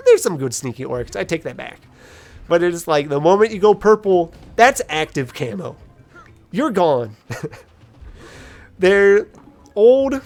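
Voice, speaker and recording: A man giving casual, jokey, rambling commentary while playing a video game. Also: sits high. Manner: rambling, animated, jokey storytelling. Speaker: let's play commentator.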